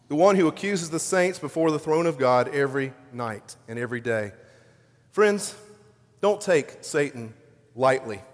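A male pastor preaching an earnest, repetitive sermon in a church sanctuary. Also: a little high. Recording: long church reverb.

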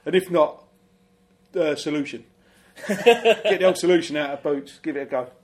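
A man in his fifties with a somewhat raised voice, chatting on a casual comedy show. He tells easygoing stories and fills the gaps with steady agreement. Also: a little high, normal speed. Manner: chatty and anecdotal, lots of yeahs.

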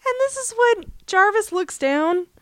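A woman's voice: very high voice, animated, unhurried, no echo, clean studio sound. A woman co-hosting a podcast, retelling a TV episode in a rambling way full of "um" and "like". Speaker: podcast co-host. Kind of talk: casual TV recap chat.

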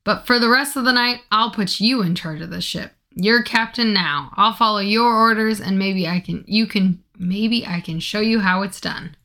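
Blustering male ship captain, read by a woman, bright, higher than her usual. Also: moderate pace, few pauses. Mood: gruff. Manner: raises voice, shouts orders.

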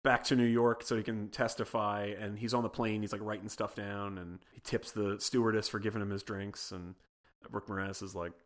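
A man's voice: lowish voice, little pitch movement, brisk. Rambling, chatty man recapping a film. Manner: rambling plot retelling full of "like" and "you know"; amused, laughs between sentences. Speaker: podcast panelist. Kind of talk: casual film-podcast chat.

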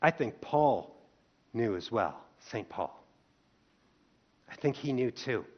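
Animated male preacher, lo-fi sound. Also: mid-range voice, slow. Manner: expressive storytelling, rhetorical questions to the congregation. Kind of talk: sermon. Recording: dull lo-fi recording.

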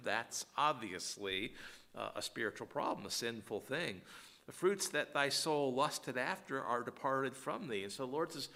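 A man's voice: lowish voice, pushed and bright. A man teaching an adult Bible class, reading scripture aloud with frequent "uh" fillers. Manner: frequent "uh" fillers, rises when reading verses. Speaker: Sunday school teacher.

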